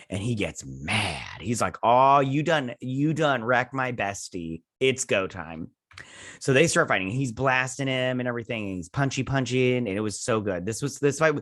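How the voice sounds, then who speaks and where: Excited man rambling through an episode recap. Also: fairly low pitch, dry recording, clean studio sound. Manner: excited, rambling retelling full of "he's like". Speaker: host and TV reviewer.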